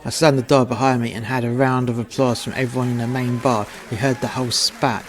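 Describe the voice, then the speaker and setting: A man's voice: mid-range voice, flat delivery, brisk. A man reading a first-person story in a blunt, profane, confrontational manner. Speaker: narrator.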